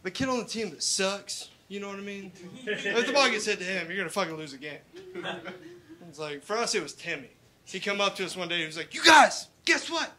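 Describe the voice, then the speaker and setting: A young man doing a profane stand-up set, telling stories in a deadpan way. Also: high voice, fairly quick. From Roswell. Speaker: stand-up comedian. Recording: live club recording with background noise.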